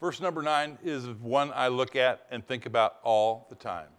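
A man preaching a sermon, animated, with playful asides and slow, weighty emphasis on key phrases. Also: medium pitch, smooth. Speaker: pastor.

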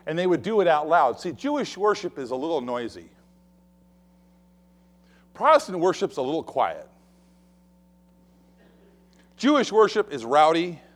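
A man preaching a sermon in an expressive way, acting out the voices he quotes. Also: a little high. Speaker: pastor.

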